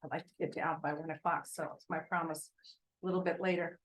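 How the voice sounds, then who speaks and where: A woman's voice: deep voice, level tone, fast talker, slight background noise, low-quality recording. An older woman, a veteran real estate agent, talks informally to a group of colleagues, telling chatty stories and asking the audience questions.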